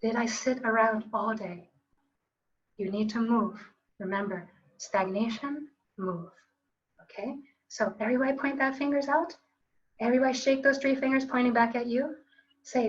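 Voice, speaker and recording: A woman's voice: a little high, moderate pace, long pauses, lo-fi sound. A woman teaching a qigong class online, coaching students in an upbeat, playful way with call-and-response phrases. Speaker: qigong instructor.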